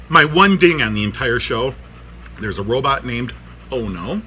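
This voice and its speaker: A man's voice: medium pitch, animated, takes it slowly, pushed and bright, slight background noise. A man in his thirties chatting casually to camera in his workshop, rambling through a cartoon review, laughing often and talking to his dogs.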